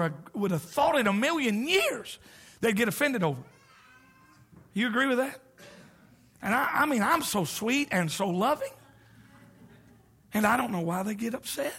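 A middle-aged man preaching a sermon as a visiting preacher, with whoops and shouts that drop to near whispers. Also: very high-pitched, slightly rough.

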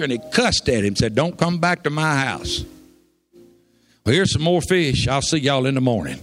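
A man preaching, telling a folksy story that builds to shouts of praise. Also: medium pitch. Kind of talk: sermon storytelling. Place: church.

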